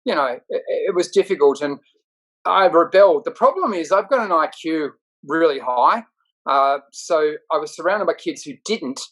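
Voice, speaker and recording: A man speaks as an interview guest, with a comedian's quick, punchy timing. His talk turns self-deprecating as he answers openly about himself. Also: fairly high pitch, animated, a bit bright, poor audio. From Australia.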